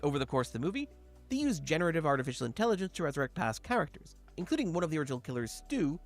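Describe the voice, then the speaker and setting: A man reading a scripted video narration in a brisk, informative way. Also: fairly high pitch, sing-song, soft background music.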